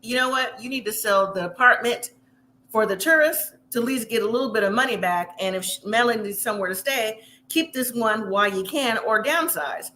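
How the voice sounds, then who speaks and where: A woman talks through a reality show episode in a loose, chatty recap and throws her opinions right at the listener. Her voice is bright and sharp and sits a little high. Now and then she drops into quick impressions of the people she is describing. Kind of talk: casual episode recap commentary.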